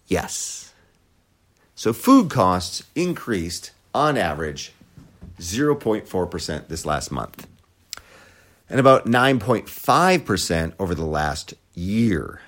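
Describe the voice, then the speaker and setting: A man hosting a podcast, giving sarcastic, profane commentary. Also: low voice. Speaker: podcast host. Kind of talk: opinionated commentary.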